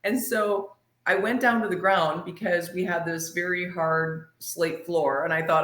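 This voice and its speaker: Casting: lively woman guest, lower voice, roomy echo, chatty storyteller. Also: unhurried, hardly any pauses. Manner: animated, laughing storyteller. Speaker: podcast guest. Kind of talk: casual storytelling.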